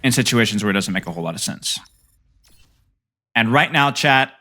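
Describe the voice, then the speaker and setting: A man's voice: mid-range voice, expressive, a little fast, long pauses, bright, forceful tone. A young man coaching a player through game footage, trading playful banter with his stream chat between tips.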